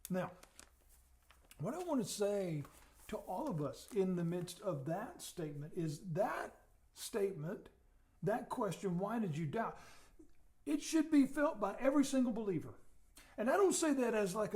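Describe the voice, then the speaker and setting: High-voiced earnest male pastor. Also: lively intonation, moderate pace. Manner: earnest, repeats words, drops to soft emphasis. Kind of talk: sermon teaching.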